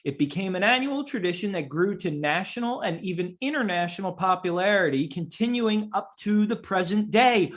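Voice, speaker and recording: A man's voice: high voice, animated, normal speed, hardly any pauses, fairly bright tone. A man hosting a casual trivia quiz, reading out questions and laughing along with the players. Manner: amused, laughs often while reading.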